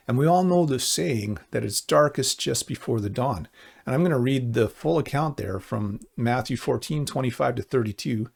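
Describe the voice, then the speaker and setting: Man, middle-aged, pastor, sermon, gravelly, husky, earnest, slows down for emphasis. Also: medium pitch. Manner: earnest, builds to slow emphatic appeals.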